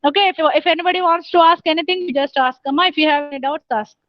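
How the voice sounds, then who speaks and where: A woman with a high voice talks fast while giving an online engineering lecture, explaining step by step, repeating herself and saying "okay" often. The lo-fi recording is dull and dry, with no room sound.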